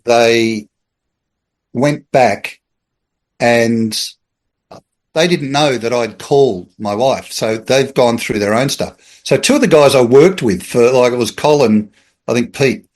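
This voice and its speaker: A middle-aged man with an Australian accent, speaking at an ordinary mid pitch as he spins a yarn for a podcast. He tells it casually and with energy, slipping into the voices of the people in his story and chuckling along the way. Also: takes it slowly. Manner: animated storyteller, acts out quoted voices, chuckles. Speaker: podcast guest.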